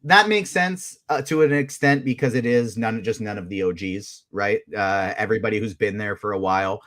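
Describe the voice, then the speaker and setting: A man's voice: lowish voice, normal speed, fairly bright tone. A man co-hosting a live fan podcast, chatting casually in a self-amused way with stumbling restarts. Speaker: podcast co-host. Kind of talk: casual recap chat.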